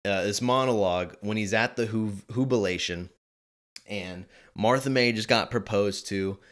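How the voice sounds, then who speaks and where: A man in his twenties giving chatty movie commentary, animated and quick to laugh. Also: lowish voice. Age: 20s. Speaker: video host.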